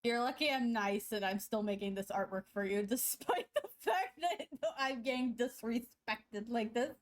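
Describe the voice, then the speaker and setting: A woman's voice: a little high, normal speed. A woman artist chatting casually with her stream viewers while drawing, giggling often and joking about herself in a rambling way. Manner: giggly, rambling, laughs often mid-sentence; playful self-mocking banter.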